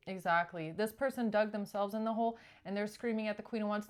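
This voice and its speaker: A woman's voice: mid-range voice, fairly even intonation, quick pace, few pauses. A woman doing a casual tarot reading, chatty and acting out pleading quotes along the way. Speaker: tarot reader.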